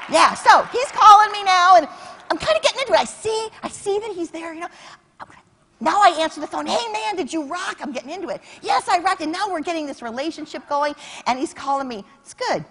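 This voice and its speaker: A middle-aged woman giving a lively storytelling keynote on a conference stage, acting out phone calls and shouting her punchlines. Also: very high-pitched, quick pace. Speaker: keynote speaker.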